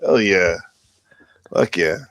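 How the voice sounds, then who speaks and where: A man's voice: low-pitched, takes it slowly, a crowd in the background. A man hosting a podcast in casual chat, loose and talkative, laughing often. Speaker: podcast host.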